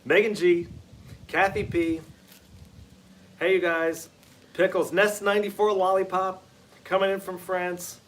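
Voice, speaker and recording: A man's voice: high voice, level tone, a little slow, long pauses. A man hosting a casual livestream from a garage, greeting viewers by name in an upbeat way. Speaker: livestream host.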